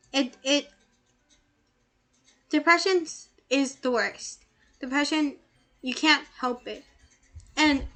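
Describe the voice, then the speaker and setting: A woman's voice: high voice, fairly bright tone. A young adult woman giving let's play commentary and reading a game aloud, nervous and jittery, laughing in fear.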